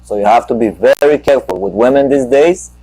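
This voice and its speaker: A man's voice: medium pitch, a little fast, warm tone, no room sound, low-quality recording. A man hosting a live talk show, telling a long rambling anecdote full of profanity and restarts. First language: Romanian. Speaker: talk show host and comedian.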